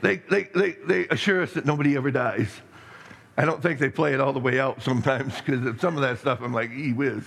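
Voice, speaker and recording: A middle-aged man preaching a sermon as pastor, rambling and excitable, with many restarts and stammers. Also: medium pitch, a little fast, creaky, breathy edge. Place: church sanctuary. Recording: long reverb in a hall.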